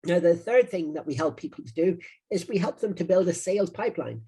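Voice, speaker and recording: Man, Irish accent, middle-aged, online marketing coach, rambling sales patter, mellow tone, husky. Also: expressive, fairly quick. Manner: chatty, rambling, with frequent "uh" fillers and sales-pitch phrasing. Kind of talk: online video lesson.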